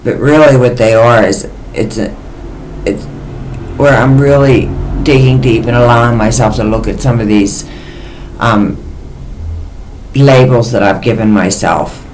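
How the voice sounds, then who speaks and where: Woman vlogging about her feelings, candid, emotional, voice jumps up high sometimes. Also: steady tone, a little slow, pauses often, a little mellow, a little hiss or hum, low-quality recording. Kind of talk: personal confessional monologue.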